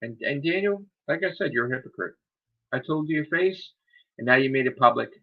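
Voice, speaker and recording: A man's voice: mid-range voice, animated, fairly quick, lo-fi sound. A man hosting his own live stream, ranting in a heated, profane, scolding way. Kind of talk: angry live-stream rant.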